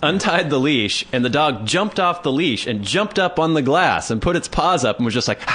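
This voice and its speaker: Lively young man telling a story. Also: on the high side. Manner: storytelling, acting out others in quick asides. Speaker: podcast co-host. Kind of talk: casual comedic chat.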